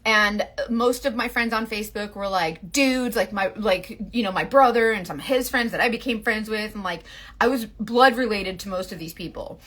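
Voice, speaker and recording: Medium-pitched and fairly bright, the voice moves at a moderate pace. This woman in her forties chats loosely about managing a makeup sales team, interrupting herself and filling the talk with "like" and tangents.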